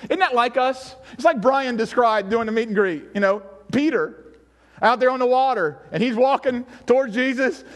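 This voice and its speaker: A man preaching a sermon as pastor, animated, acting out voices and shouting at times for emphasis. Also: extremely high pitch, normal speed.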